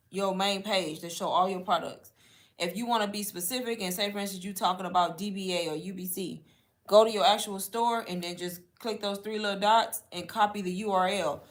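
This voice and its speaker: Chatty woman coaching. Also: medium pitch. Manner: chatty, instructive, often says y'all. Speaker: online marketing coach. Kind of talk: casual live Q&A teaching.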